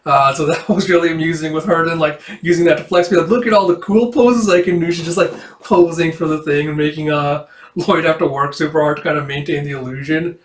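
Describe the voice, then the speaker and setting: A man casually reviewing a manga chapter, rambling with lots of fillers and quick laughs. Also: on the high side, little pitch movement, a bit bright, reverberant. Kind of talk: casual commentary.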